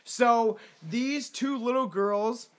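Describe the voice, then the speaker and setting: A young man with a high-pitched voice hosts a casual podcast. He reads out cases in a loose, joking way, swears freely, and often trips over his words and corrects himself. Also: slow, clear, resonant tone. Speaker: podcast host.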